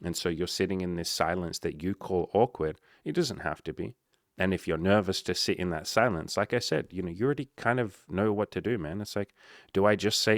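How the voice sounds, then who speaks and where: A man's voice: low-pitched, moderate pace, dry recording, studio quality. A man giving blunt, profane dating advice as a coach, often acting out little dialogues. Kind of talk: casual advice monologue.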